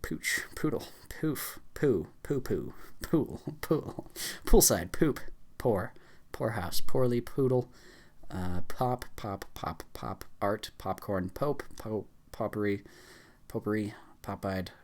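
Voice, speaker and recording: A man reading a long list of words aloud as fast as he can, stumbling now and then with fillers and restarts. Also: on the low side, animated, a little mellow. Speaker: YouTuber. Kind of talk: rapid word-list reading.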